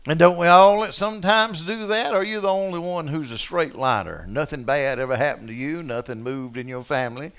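A man preaching a sermon with a bright, forceful, ringing voice. He talks in a folksy, conversational way, puts questions to the congregation, and swings from hushed asides to loud, impassioned bursts. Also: fairly high pitch, fairly quick, hardly any pauses, smooth. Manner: preaching with swings from quiet asides to loud, passionate acted quotes. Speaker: pastor.

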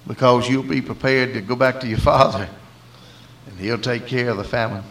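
A man's voice: medium pitch, fairly even intonation, normal speed, fairly bright tone. A man with a Southern US accent preaching a sermon in a folksy storytelling way. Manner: folksy storytelling, acting out dialogue.

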